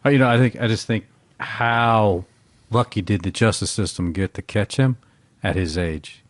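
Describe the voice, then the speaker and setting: A man's voice: fairly low pitch, normal speed, no room sound. A man co-hosting a podcast, talking in a laid-back, casual way. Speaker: podcast co-host. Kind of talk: casual chat.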